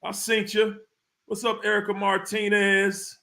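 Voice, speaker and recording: A man's voice: high voice, flat delivery, measured pace, creaky, pushed and bright. A man hosting a livestream who greets viewers by name, hyped and whooping now and then. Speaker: livestream host. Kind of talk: live chat shout-outs.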